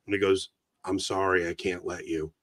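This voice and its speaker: A middle-aged man on a casual podcast, telling an animated story that grows heated. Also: deep voice, moderate pace, no room sound. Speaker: podcast co-host.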